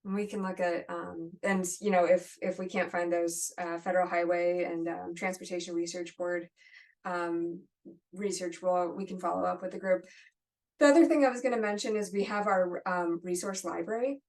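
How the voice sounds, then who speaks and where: A woman's voice: lowish voice, fairly even intonation, moderate pace, a little mellow. A woman moderating an online webinar, answering audience questions in a friendly conversational way over a video call. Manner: conversational, friendly, apologetic asides. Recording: distant mic.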